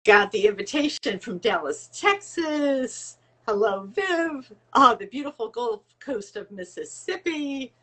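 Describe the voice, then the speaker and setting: A woman's voice: fairly high pitch, expressive, measured pace, fairly bright tone. Bubbly woman hosting a live webinar. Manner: bubbly, greets viewers by name. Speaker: webinar host. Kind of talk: casual live-stream welcome and interview.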